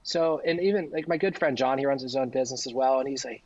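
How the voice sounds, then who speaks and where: A man's voice: medium pitch, fast, darkish tone, highs cut off. A man telling stories as a podcast guest in an earnest, rambling way, often acting out what other people said. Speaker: interview guest. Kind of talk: casual conversational storytelling.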